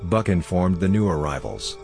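A man reads a story aloud in a steady, even way. His voice is very low and deep. Faint music plays quietly behind him. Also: normal speed, creaky. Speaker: narrator. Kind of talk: fan fiction audiobook reading.

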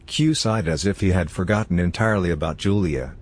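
A man reading a story aloud as narrator in a steady, even manner. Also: sits low, brisk. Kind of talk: fan fiction audiobook reading.

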